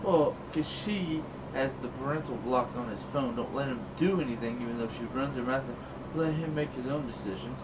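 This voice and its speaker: A man's voice: mid-range voice, a little fast. A man co-hosting a casual podcast, cutting in with blunt, crude remarks. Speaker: podcast co-host. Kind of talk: casual chat. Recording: distant lo-fi mic with clear room noise.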